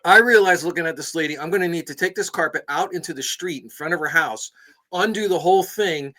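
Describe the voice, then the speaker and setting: A man co-hosting a podcast, telling a story in casual chat, animated and laughing as he acts out both sides. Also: fairly high pitch, fast talker. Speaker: podcast co-host.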